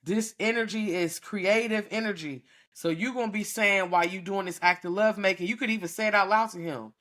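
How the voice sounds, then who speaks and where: A woman's voice: medium pitch, a little fast, a bit bright. A woman hosting a podcast, talking frankly and profanely to her listeners in a casual preachy monologue, often checking in with them. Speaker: podcast host teaching a class.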